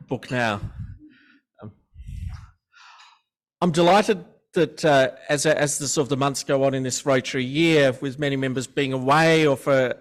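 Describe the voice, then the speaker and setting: A man, the club president, chairs a meeting in a hotel function room, speaking haltingly with fillers and restarts. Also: mid-range voice. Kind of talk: meeting emcee.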